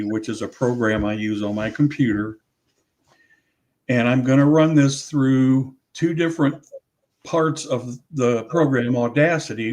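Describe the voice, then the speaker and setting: A man's voice: mid-range voice, darkish tone. An older man talking casually as an interview guest, rambling with many restarts and self-corrections as he recalls his audio work.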